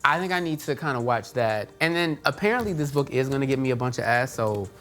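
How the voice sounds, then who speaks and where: A man's voice: mid-range voice, quick pace. A man from Houston, a guest author chatting casually and bluntly on a comedy talk show. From Houston, Texas. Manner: animated, candid and playfully blunt.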